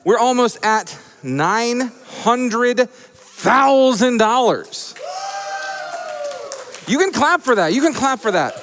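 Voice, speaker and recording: A man from Atlanta hosting a live charity gaming event, reading donations with playful, high-energy hype and jokes. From Atlanta, USA. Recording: echoey event hall.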